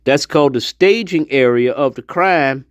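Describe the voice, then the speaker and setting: A man hosts a livestream, speaking at medium pitch and a moderate pace in a dry, clean studio recording. He rambles in a giggly, profane way, repeats phrases, and sometimes drops to a whisper.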